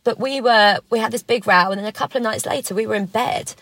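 Husky, gravelly woman guest, candid and emotional, dry close sound. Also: fairly high pitch, a bit bright, no echo. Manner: emotional, halting, frank. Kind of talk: candid personal interview.

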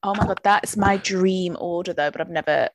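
A young woman with a fairly low voice tells stories with animated energy, gasping and laughing along the way. The recording is close and dry. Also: moderate pace, dry recording. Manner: expressive, animated storyteller, gasps and laughs. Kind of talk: casual chat.

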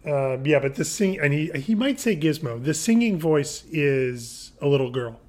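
A man co-hosting a casual film podcast, jumping in with corrections and dry asides. His voice sits a little high and swings widely in pitch. He keeps it relaxed and conversational. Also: moderate pace. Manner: corrects and adds details, dry joking. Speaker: podcast co-host. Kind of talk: casual chat recapping a film.

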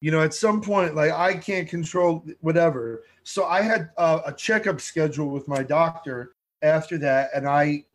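A man tells stories in a relaxed interview, voicing the people he quotes. His voice sits a little high for a man. His delivery is lively and conversational. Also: moderate pace. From New York. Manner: animated storyteller, acts out quotes. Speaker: TV food show host, guest.

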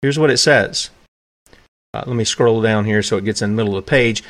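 A man's voice: fairly low pitch, a little fast, a bit bright. A man hosting a solo commentary show, talking emphatically with restarts and asides, reading passages aloud from documents. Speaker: podcast host.

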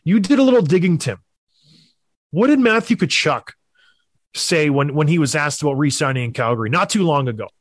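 A young adult man hosting a sports talk show, emphatic and animated, with mocking asides. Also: a little high, fairly quick, dry recording. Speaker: sports podcast host. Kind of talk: opinionated hockey talk.

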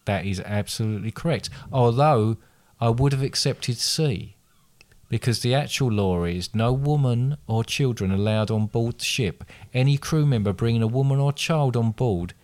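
A man's voice: mid-range voice, normal speed, a little mellow. A man hosting a casual quiz, reading out multiple-choice questions and teasing his guest. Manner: teasing, reads questions aloud with restarts. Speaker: quiz host.

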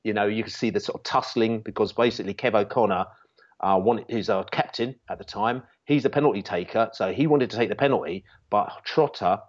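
The lowish, slightly fast voice belongs to a man appearing as a football fan channel guest. He tells a long, meandering fan story in casual talk, with many fillers and restarts, over dull lo-fi audio.

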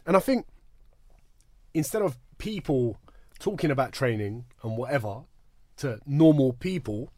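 Husky laddish man. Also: medium pitch, expressive, measured pace, a little mellow, no room sound. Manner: laddish, swears, says bruv and innit. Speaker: podcast host. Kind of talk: casual banter.

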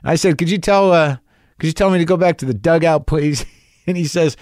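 A man's voice: fairly high pitch, a little fast, a little mellow, dry recording. Rambling middle-aged male comedian. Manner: rambling, self-interrupting with repeated words; voice rises sharply when acting out audience members. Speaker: podcast host and comedian. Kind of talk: casual storytelling monologue.

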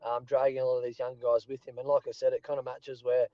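An Australian man in his thirties, a rugby player joining a podcast from his parked car, telling lively stories with frequent restarts. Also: medium pitch, fast talker, dry recording, lo-fi sound. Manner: animated anecdotes with laughs and restarts. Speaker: guest, professional rugby player. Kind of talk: casual storytelling chat.

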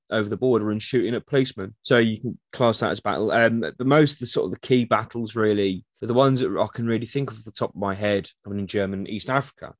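A man's voice: on the low side, dry recording, clean studio sound. Chatty man telling history. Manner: chatty, animated, acts out quotes in the stories. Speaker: guest historian. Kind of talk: casual storytelling interview.

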